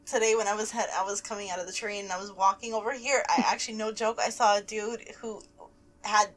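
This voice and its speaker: A woman's voice: medium pitch, level tone, fast talker, fairly bright tone. A woman co-hosting a podcast, chatting casually and steering the conversation. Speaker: podcast co-host. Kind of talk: casual chat.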